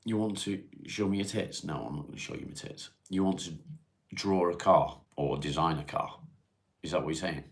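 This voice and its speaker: A deep, gravelly-voiced man from Cheshire hosts a relaxed livestream from home. He reads viewer questions aloud and answers them plainly, in an easygoing, unhurried way, with a low, rough edge in his voice. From England (Cheshire). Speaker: livestream host. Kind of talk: casual livestream chat answering viewer comments. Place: at home, smoking while streaming.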